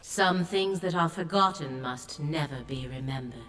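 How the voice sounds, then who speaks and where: A deep-voiced stern sea goddess. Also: female voice, fairly bright tone, faint music behind. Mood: solemn. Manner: solemn, measured, commanding. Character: grave ancient sea goddess, stern and sorrowful. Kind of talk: game voice acting.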